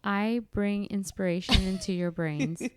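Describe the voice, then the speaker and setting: A woman's voice: mid-range voice, steady tone, measured pace, over music. A woman hosting a casual podcast chat, upbeat and encouraging. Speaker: podcast host.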